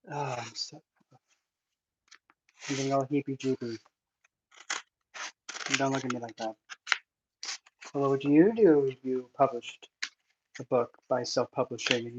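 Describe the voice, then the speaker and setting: A man unboxing his self-published book in a casual vlog, nervous and emotional, exclaiming as he goes. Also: mid-range voice. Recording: dull lo-fi sound with faint noise.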